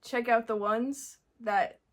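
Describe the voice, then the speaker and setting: Relaxed young woman from Montreal. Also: on the high side, slow. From Montreal, Canada. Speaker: guest. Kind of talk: casual interview chat.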